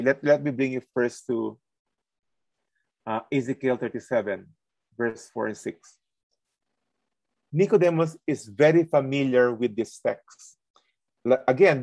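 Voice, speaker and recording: Filipino man, mid-pitched, teaching scripture with rhetorical questions, dry room. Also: gravelly, a little mellow, no room sound. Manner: asks rhetorical questions, restarts often, explains verse by verse. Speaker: Bible teacher. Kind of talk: Bible lesson preaching.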